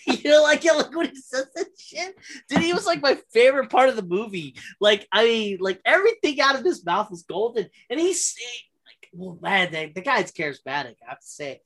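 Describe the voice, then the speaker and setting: Woman, casual movie chat, breathy, very expressive pitch, profane. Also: normal speed. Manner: animated, profane, laughs often.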